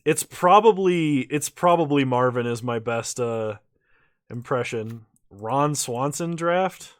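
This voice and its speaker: A man's voice: mid-range voice, slow, smooth, dry recording, studio quality. Chatty, slightly tipsy man streaming. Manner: laughs often, relaxed and chatty. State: a little tipsy after several beers. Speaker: streamer playing a card game. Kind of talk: casual live-stream commentary.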